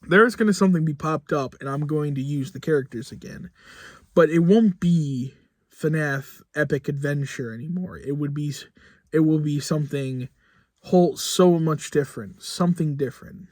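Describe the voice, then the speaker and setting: A man's voice: a little high, moderate pace, no echo, studio quality. A young man talking casually in a vlog, rambling with lots of fillers, restarts and casual swearing. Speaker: channel creator.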